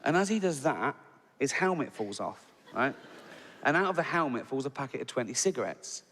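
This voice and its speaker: A man's voice: mid-range voice, expressive, a little fast, a bit bright. A man in his sixties doing stand-up, telling stories in a chatty way and tagging his lines with "right?" while laughing at his own jokes. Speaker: stand-up comedian. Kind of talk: stand-up storytelling. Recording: live hall reverb, faint ambience.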